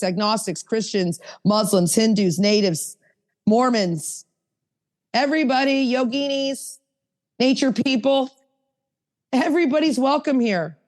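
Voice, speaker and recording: A woman leads an online workshop in a lively, chatty voice that coaxes her listeners along. Her pitch sits in an ordinary middle range, and she comes through a video call. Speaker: sponsorship workshop teacher.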